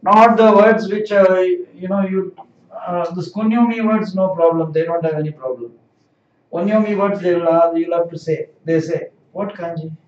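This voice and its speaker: A man's voice: high voice, normal speed. A man teaching a live-streamed language lesson, explaining patiently and repeating phrases. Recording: roomy, distant, dull sound.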